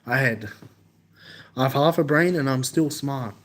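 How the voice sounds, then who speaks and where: Young aussie guy on a live stream, answering chat, repeats himself a lot, halting. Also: medium pitch. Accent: Australian. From Australia.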